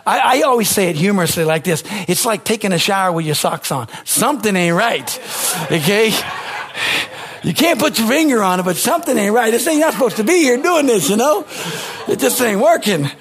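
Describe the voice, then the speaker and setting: A male minister preaches with passion and expression, a little on the fast side, repeating phrases and moving between loud declarations and hushed asides.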